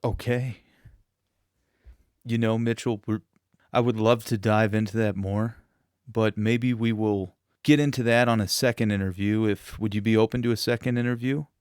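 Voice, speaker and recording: A man's voice: on the low side, steady tone, normal speed, a little mellow, clean tone, no room sound, clean studio sound. A man hosting a podcast interview in a playful, mock-formal manner. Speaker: podcast host.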